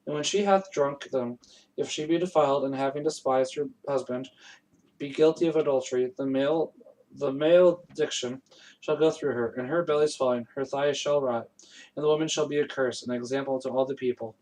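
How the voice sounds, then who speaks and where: A man reading the Bible aloud in a plain, steady way, with frequent slips and self-corrections, his voice still strained from allergies. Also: medium pitch, normal speed, poor audio. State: recovering voice after allergies. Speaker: Bible reader.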